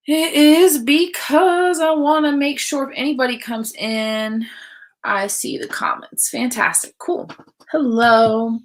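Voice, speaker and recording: Blunt, excited woman coach in her thirties; bright, slightly high voice, casual livestream delivery. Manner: blunt, excited, swears freely. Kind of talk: casual live-stream talk.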